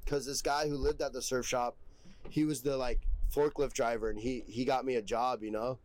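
A man's voice: medium pitch, steady tone, normal speed, a little mellow, slight background noise. A young man telling stories casually as a podcast guest, rambling with heavy slang and swearing. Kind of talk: casual storytelling.

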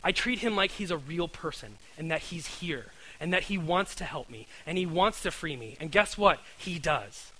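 Man, preacher, conversational sermon, forceful bright tone, fairly high voice, earnest, repeats himself. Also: animated, normal speed, few pauses, poor audio. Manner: earnest, repeats words, asks "right?" often.

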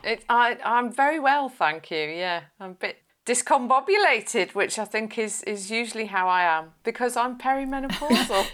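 A woman's voice: a little high, animated, moderate pace, fairly bright tone. A woman in her forties, a guest in a podcast interview, talking frankly and chattily and breaking into laughs mid-sentence.

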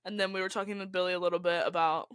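A woman's voice: on the low side, fairly even intonation, racing, no echo. A young woman from California chats with friends on a podcast, stacking up anecdotes and slipping into the voices of the people she quotes. Her speech is loose and full of "like" and restarts. The sound is dry and close. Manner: chatty storyteller, quotes people in their own voices, frequent likes and restarts. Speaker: podcast co-host. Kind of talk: casual chat.

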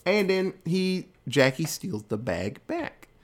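A man in casual chat, recapping a film with a jokey, laid-back manner and quick acted-out asides. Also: fairly high pitch, sing-song. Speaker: podcast host recapping a film.

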